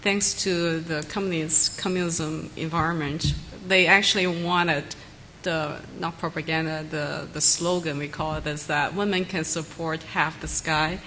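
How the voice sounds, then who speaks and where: A woman from China answering on a conference panel, measured and searching for words. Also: low voice, fairly even intonation, pushed and bright, a little hiss or hum, rough recording.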